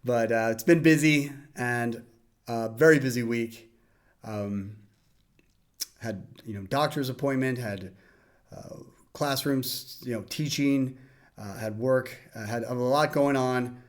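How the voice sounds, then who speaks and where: A man's voice: medium pitch, takes it slowly. Rambling man hosting a wrestling review. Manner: rambling, with many fillers and restarts. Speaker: host. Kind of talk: casual wrestling show review.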